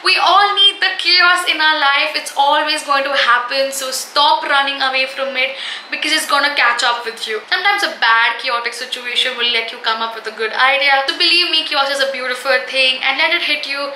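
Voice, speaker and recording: A young woman vlogging to camera, giving a lively motivational talk in a sassy manner and calling viewers honey. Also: high-pitched, moderate pace, reverberant, slight background noise, rough recording. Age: young adult.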